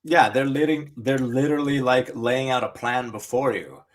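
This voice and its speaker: A man's voice: mid-range voice, moderate pace. Questioning man on a podcast. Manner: questioning, reasoning aloud with "right?" and "you know what I mean?". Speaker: podcast co-host. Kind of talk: casual chat.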